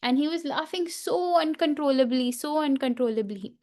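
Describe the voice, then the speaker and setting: A woman teaching a festival class, telling a sacred story slowly with frequent fillers and asides to her listeners. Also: high-pitched, darkish tone.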